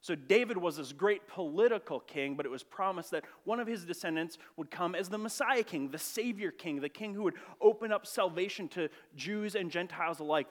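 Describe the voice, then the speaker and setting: A pastor preaching a conversational, earnest sermon in church, asking rhetorical questions. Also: male voice, on the high side, a bit bright.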